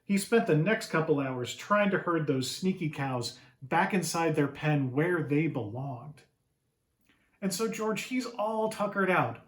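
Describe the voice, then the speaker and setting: A roomy echo hangs over this clip of a man sharing his own picture book with kids. He reads with lots of expression, breaks off to quiz his young listeners, and speaks a touch higher than most men.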